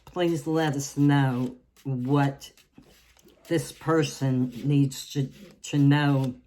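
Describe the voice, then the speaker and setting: A woman from the South, giving a tarot reading in a slow, halting way with many restarts. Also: very deep voice, fairly even intonation, dark tone. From Southern United States. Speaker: tarot reader.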